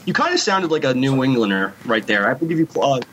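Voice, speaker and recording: A man's voice: mid-range voice, big pitch swings, quick pace, background noise. A man hosting a podcast over a video call, chatting casually and playfully teasing his co-host.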